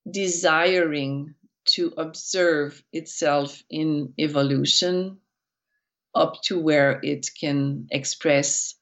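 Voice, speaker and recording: Slow, low-voiced woman channeling. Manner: slow, deliberate, speaks as "we" with repetitions. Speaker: channeler speaking as a collective of entities. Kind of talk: channeled spiritual teaching.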